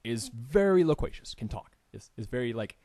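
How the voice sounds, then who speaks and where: A man's voice: medium pitch, expressive, normal speed, mellow, no echo, clean studio sound. A man from Indiana co-hosting a podcast, telling an improvised story in a rambling, hesitant way with lots of fillers. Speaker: podcast co-host.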